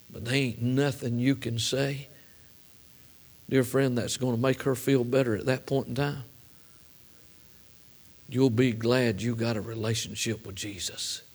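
A man's voice: mid-range voice, darkish tone. A middle-aged man preaching a sermon, telling a personal story in a folksy way that builds to fervent emphasis.

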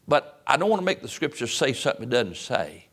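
A man preaching a sermon in church, moving from low, measured Scripture reading to high, impassioned cries. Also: very animated, creaky, a bit bright, slightly rough. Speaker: pastor. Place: church, broadcast on radio and internet.

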